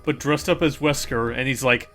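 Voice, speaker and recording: A man chatting on a game commentary, hesitant, restarting his sentences and trailing off. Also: mid-range voice. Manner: halting, restarts and trails off with fillers. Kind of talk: casual game commentary chat.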